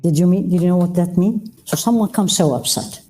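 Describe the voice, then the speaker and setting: A middle-aged woman gives a religious lecture in a fairly low, dark voice at a brisk pace. She engages her audience with rhetorical questions and mixes Arabic phrases into her English.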